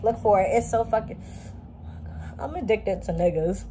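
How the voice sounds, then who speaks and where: A woman's voice: medium pitch, moderate pace, long pauses, slight background noise. A young woman vlogging in a blunt, profane, joking casual chat. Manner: blunt, profane, animated, jokey.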